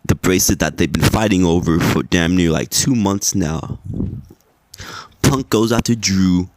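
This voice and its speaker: A man's voice: low voice, unhurried, background noise. A young man hosting a podcast, giving a casual, rambling recap of wrestling in a sleepy, laid-back way with lots of filler words and swearing. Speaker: podcast host.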